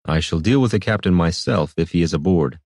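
A man voicing a stern, commanding male raider leader in an audiobook, cold and deliberate. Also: sits low, lively intonation, a little mellow, dry recording, studio quality.

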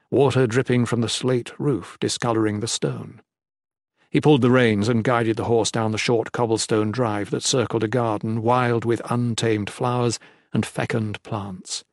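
A man narrating an audiobook in a measured, descriptive way. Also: mid-range voice, gravelly, no echo, studio quality.

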